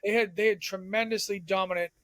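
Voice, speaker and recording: A man from Southern Maine, a former TV sports reporter, telling stories as a podcast guest in an animated, chatty way. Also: high-pitched, dry recording. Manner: animated storyteller, quick and chatty. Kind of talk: casual podcast storytelling.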